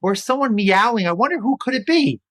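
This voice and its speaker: A man's voice: sits high, sing-song, fairly quick, fairly bright tone. Playful man leading kids' yoga. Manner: playful and encouraging, with sound effects. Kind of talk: children's yoga storytime.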